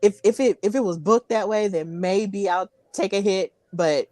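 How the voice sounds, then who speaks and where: A woman's voice: medium pitch, normal speed, dark tone, dry recording, studio quality. A woman hosting a wrestling podcast, chatty and giggly, often repeating herself. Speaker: podcast host. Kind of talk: casual podcast interview.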